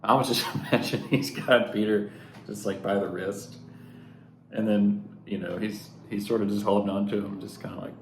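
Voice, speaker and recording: A man's voice: on the low side, steady tone, normal speed. A man giving an earnest, conversational devotional reflection, often restarting his thoughts. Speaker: devotional speaker. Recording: roomy echo, faint background noise.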